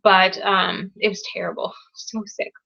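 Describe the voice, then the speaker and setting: A bright, forceful young woman talks straight into a webcam, gushing and upbeat as she hosts a live Q&A. The sound is dull and lo-fi. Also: medium pitch, level tone, a little slow, creaky. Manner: upbeat, gushing over viewer news. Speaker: live Q&A host. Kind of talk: casual live-stream chat.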